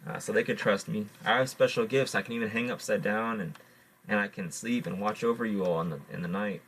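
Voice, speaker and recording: A man's voice: fairly low pitch, steady tone, a bit bright, poor audio. A man telling of a scheming, boastful brown bat. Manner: halting, repeats words. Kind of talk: oral storytelling.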